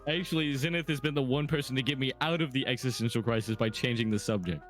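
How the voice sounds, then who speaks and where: A man's voice: mid-range voice, over music. A young man co-hosting a casual podcast, teasing his friend and jumping in to interject. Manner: teasing, quick to laugh and interject. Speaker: podcast co-host. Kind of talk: casual chat.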